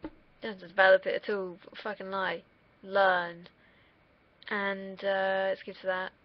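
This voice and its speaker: A woman's voice: medium pitch, flat delivery, measured pace. A young woman rambling casually on a livestream, drifting off on tangents and swearing now and then. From United Kingdom. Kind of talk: casual rambling stream chat. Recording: dull lo-fi stream mic.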